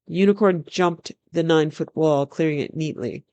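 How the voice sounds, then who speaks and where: A storyteller reading a fantasy novel aloud in a measured, even narration. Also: mid-range voice, clean tone, dry recording.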